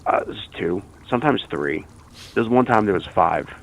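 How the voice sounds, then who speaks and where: Uomo roco e gracchiante, esitante. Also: male voice, low-pitched, normal speed, vocal fry, rough recording. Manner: hesitant, rambling, deadpan. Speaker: caller. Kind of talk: deadpan comedic call-in.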